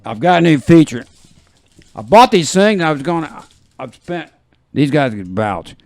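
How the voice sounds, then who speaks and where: A man's voice: a little high, sing-song, normal speed, darkish tone, no echo. A man hosting a casual podcast chat, jokey and rambling, laughing often. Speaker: podcast host.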